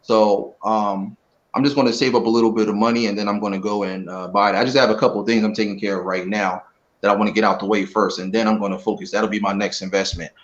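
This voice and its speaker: A man talking as a guest in a casual live-stream interview, relaxed and earnest, rambling a little. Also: lowish voice, fast. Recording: dull lo-fi audio.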